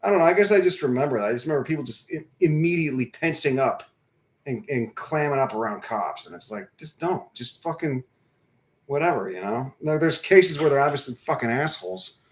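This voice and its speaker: A man's voice: fairly high pitch, expressive, a little fast. A man in his thirties hosting a livestream. He chats casually, swears freely and drifts from topic to topic in a laid-back way. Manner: profane, digressive, laid-back storyteller. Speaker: livestream host. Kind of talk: casual rambling live-stream chat.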